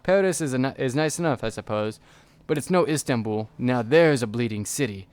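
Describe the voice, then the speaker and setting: A man reading the lines of a brisk female inventor in a steampunk text game, chatty and wry. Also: mid-range voice, lively intonation, a little mellow, smooth, no echo, natural voice.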